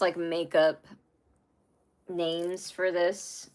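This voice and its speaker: A woman's voice: lowish voice, unhurried, a little hiss or hum. Chatty woman giving a tarot reading. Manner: rambling, chatty, many fillers and asides. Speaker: tarot reader. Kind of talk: casual tarot reading monologue.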